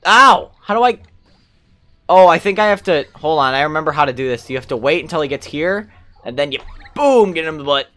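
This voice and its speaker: A man's voice: a little high, quick pace. A young man casually commentating his own video game playthrough, chatting to the characters and humming along. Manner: excitable, talks to the game characters, hums along, mild cursing. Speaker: gameplay commentator. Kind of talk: casual let's-play commentary. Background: game music.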